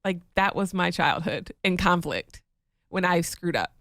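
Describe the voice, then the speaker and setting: A woman's voice: on the low side, lively intonation, a little slow, a bit bright, dry recording, clean studio sound. A woman co-hosting a marriage podcast in casual chat, affirming and teasing. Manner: affirming, lots of "yeah", teasing. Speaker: podcast co-host.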